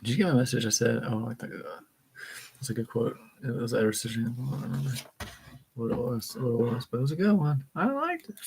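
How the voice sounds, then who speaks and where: A man's voice: medium pitch, fast talker, creaky, darkish tone, breathy edge, poor audio. A man casually reading a book aloud, chatting, laughing and stumbling over words as he goes.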